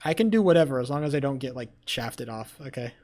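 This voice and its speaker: A livestreamer in a blunt, profane chat with viewers on a low-set desk mic at a home setup. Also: lively intonation, fast talker. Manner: flares into loud yelling rants. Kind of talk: casual live-stream chat. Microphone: desk microphone, sounds low.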